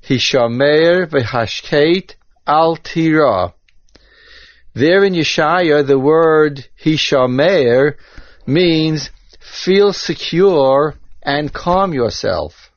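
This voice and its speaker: A man giving a measured lecture on Hebrew grammar, using Ashkenazi Hebrew pronunciation and spelling out terms with care. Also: fairly high pitch, no room sound. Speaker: Torah teacher. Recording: dull, dry lo-fi recording.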